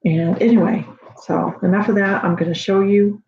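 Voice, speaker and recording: A mother in casual home video talk, rambling warmly with many fillers and restarts, proud of her daughter. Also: medium pitch, steady tone, normal speed, gravelly, slight background noise. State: emotional, near tears at times. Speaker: proud mother sharing a story. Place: home at night. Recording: dull lo-fi home recording.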